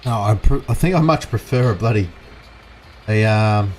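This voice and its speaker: Streaming a farming game, an Australian man keeps up relaxed, meandering commentary and chats with viewers. His lowish voice moves at a moderate pace, with slight background noise.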